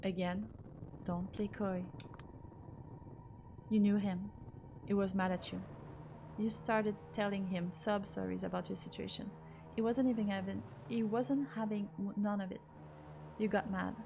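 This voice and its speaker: A woman voicing a menacing, mocking woman stranger with a raspy, put-on French accent. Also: medium pitch, fairly even intonation, unhurried, pauses often, background noise.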